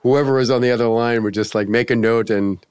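A man in casual conversation, telling a story in a rambling, halting way. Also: mid-range voice, steady tone, darkish tone, smooth, no room sound, studio quality. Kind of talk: casual chat.

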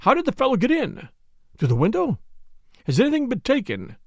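A man voicing an excitable young male secretary who fires off questions in an audiobook reading. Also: very high voice, fairly quick, no room sound, clean studio sound, voice pushed up, heavily acted. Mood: agitated.

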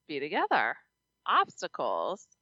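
A woman co-hosting a podcast in casual chat, blunt and quick to swear, laughing often. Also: deep voice, wildly swooping pitch, pushed and bright, no echo, lo-fi sound. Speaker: podcast co-host.

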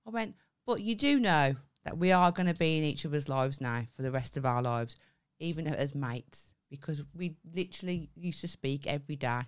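A woman tells stories with animated energy and peppers them with swearing. Her voice sits fairly low but rises and falls a lot as she acts out what people said. It feels like an unscripted podcast chat. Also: moderate pace, clean tone. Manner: animated storytelling, swears freely, acts out quoted dialogue. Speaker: podcast co-host. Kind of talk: casual chat.

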